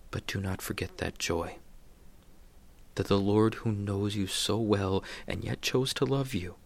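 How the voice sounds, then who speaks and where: A man's voice: sits low, fairly bright tone. A man preaching a sermon, retelling a story dramatically, dropping to near whispers and then rising sharply.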